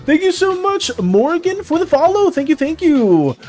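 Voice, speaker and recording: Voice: extremely high pitch, big pitch swings, normal speed, darkish tone, soft background music. An art streamer chatting casually with viewers while drawing, greeting each one by name and rambling through restarts. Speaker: livestream artist chatting with viewers.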